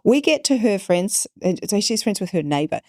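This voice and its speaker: A woman's voice: medium pitch, moderate pace, no echo, clean studio sound. A woman, a podcast guest telling a story in conversation and acting out the people she quotes. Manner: animated, acts out quoted voices.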